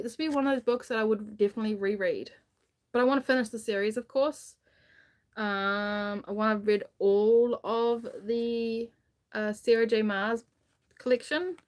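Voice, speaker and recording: A woman chatting casually on a live book stream, rambling enthusiastically with many restarts and fillers. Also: on the high side. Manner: gushing enthusiasm about a book.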